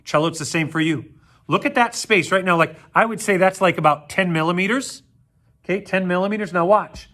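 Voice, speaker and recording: A man's voice: sits high, fairly quick, pushed and bright. A man teaching an orchestra video lesson to children, counting aloud, joking with them and demonstrating on string instruments. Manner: jokey, playful asides to kids. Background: plucked string instrument demonstrations.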